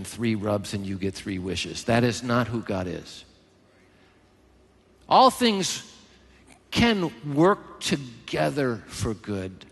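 A male pastor preaching a sermon in church, emphatic and animated, with joking asides. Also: mid-range voice. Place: large church hall. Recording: long hall reverb.

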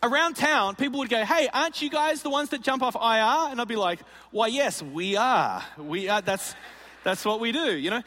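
A man preaches in a sermon, spinning a comic story and playfully acting out its people. His voice sits high and bright. It rings with the long reverb of a large hall. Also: expressive, normal speed. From Australia. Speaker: pastor. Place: large auditorium.

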